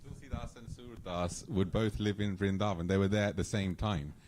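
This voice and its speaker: Low-voiced man telling devotional stories. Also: moderate pace. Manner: animated storyteller, acts out dialogue. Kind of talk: storytelling talk. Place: temple hall.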